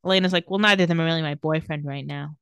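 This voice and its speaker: A woman's voice: low-pitched, fairly even intonation, very fast, a bit bright, smooth, dry recording, studio quality. A woman in casual chat, recapping TV scenes and acting out the characters' lines. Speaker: podcast co-host recapping a TV episode.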